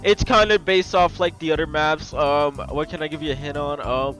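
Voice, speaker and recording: A man hosting a gaming video, talking in an excitable, gasping, rambling way with many restarts. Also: a little high, moderate pace, faint music behind, low-quality recording. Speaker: gaming YouTuber. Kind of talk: excited gameplay commentary.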